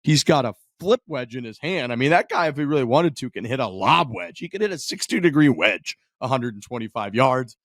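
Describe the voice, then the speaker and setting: Man, podcast co-host, animated golf recap, swearing, dry close mic. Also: medium pitch, brisk, few pauses, no room sound. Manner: animated, profane play-by-play storytelling. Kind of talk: casual sports chat.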